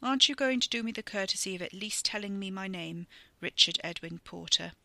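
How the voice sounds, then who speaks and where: A narrator voices a sly old wizard from a spoken story, with a very bright, cutting tone and a gravelly grain. He speaks in a calm and knowing way. The sound is dry and close. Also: medium pitch, fairly quick, no echo. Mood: cold. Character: cold, wily old bearded male wizard.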